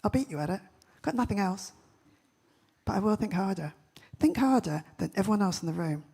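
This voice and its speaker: A woman giving a comic keynote talk on stage, telling punchy stories with quick, brash jokes. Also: medium pitch, expressive, gravelly, mellow, slightly rough. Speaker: festival speaker. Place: large event stage.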